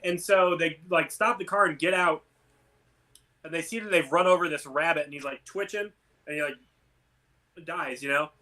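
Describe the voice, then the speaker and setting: Casual male co-host, high and bright voice, rambling joke-teller. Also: moderate pace, long pauses. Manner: rambling storyteller, many fillers. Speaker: podcast co-host. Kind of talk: casual chat, telling jokes.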